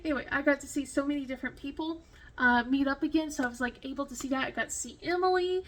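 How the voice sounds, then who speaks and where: A woman vlogger telling a rambling story in casual chat, full of fillers and restarts, emotional and quick to laugh. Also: sits high, fairly bright tone. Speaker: crafting vlogger.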